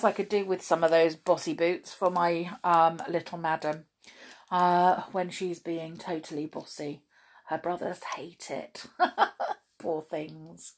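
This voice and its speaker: A woman's voice: lowish voice, level tone, slow pace. A woman reading a children's storybook aloud with dramatic gasps, then chatting cheerfully to listeners.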